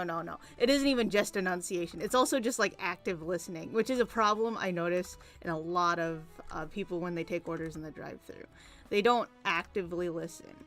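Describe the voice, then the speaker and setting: A young woman chatting casually and venting while she works on a drawing, rambling and swearing freely. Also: on the low side. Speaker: art streamer. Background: soft background music.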